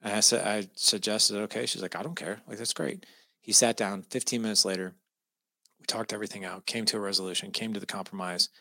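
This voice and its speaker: A man's voice: fairly low pitch, fast, no room sound. A middle-aged man telling a personal story in casual conversation, acting out the voices of the people he quotes. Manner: animated, acts out quoted dialogue. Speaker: podcast guest.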